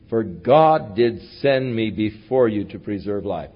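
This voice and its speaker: A man preaching through a Bible passage, reading the verses aloud and then retelling them in casual, lively asides. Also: mid-range voice, normal speed, hardly any pauses, breathy edge. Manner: reads scripture then paraphrases it in casual, animated asides. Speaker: pastor. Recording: dull lo-fi recording.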